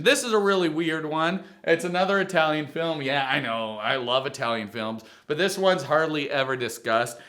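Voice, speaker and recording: A man hosting a comedic reality TV recap, talking in an animated, crude, joking way. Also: fairly high pitch. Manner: animated, crude jokes, mocking impressions.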